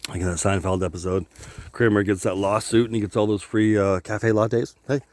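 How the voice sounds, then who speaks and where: A man's voice: on the low side, level tone, brisk, darkish tone, dry recording. A man rambling through a joking, profane solo monologue, laughing often. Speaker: vlogger.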